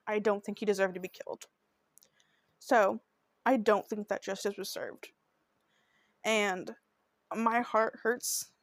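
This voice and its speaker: A woman's voice: medium pitch, no echo, clean studio sound. Earnest woman hosting a true crime podcast. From Oklahoma. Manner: earnest, emotional, heartfelt. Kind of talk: podcast narration.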